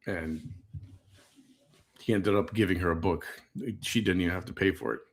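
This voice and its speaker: A man's voice: low voice, steady tone, normal speed. A middle-aged man, hosting a casual reaction commentary, blunt and indignant as he tells stories. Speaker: host.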